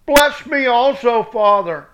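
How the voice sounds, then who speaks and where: A desperate grown son begs for his father's blessing, read out by a man. The voice is high for a man and comes slow and emphatic. The recording sounds dull and lo-fi. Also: big pitch swings, fairly bright tone, full character voice. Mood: pleading.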